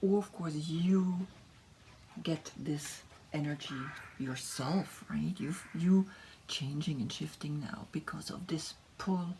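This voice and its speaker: A woman giving a gentle tarot reading that is part guided meditation, talking softly, often slipping into a whisper, and checking in with frequent "right?". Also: sits low, slight background noise. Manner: soft, often drifting into a whisper; gentle, encouraging, with frequent tag questions. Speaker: tarot reader.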